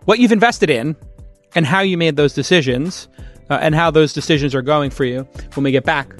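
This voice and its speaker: A man from Brooklyn hosting a podcast, giving emphatic, animated opinions in casual interview talk. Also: a little high, fairly quick, soft background music. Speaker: podcast host. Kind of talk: casual interview and host-read ad.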